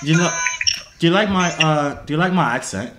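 A man's voice: fairly high pitch, lively intonation, a little fast, reverberant, loud music behind the voice. A young man on a phone video call, teasing strangers and slipping in and out of a put-on British accent. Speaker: vlogger chatting with strangers. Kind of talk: joking video-chat banter.

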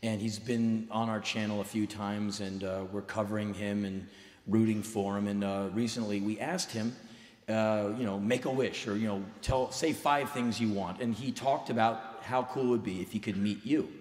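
A low-voiced man tells a story to an audience with emphatic, intense delivery. His voice rings out in a big, echoing hall with a long reverb tail. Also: steady tone, moderate pace, a little mellow. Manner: intense, emphatic, acts out quoted dialogue. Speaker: spoken word performer. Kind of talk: live storytelling monologue. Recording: reverberant live hall recording.

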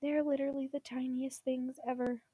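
A woman hosting a tabletop gaming channel, losing her voice as she rambles enthusiastically through product shout-outs with plenty of ums. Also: high-pitched, level tone, fairly quick, no echo.

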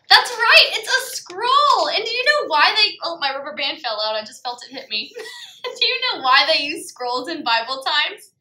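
A woman teaching a Bible lesson to preschoolers, animated and sing-song, with gasps and exclamations. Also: sits high, normal speed, roomy sound.

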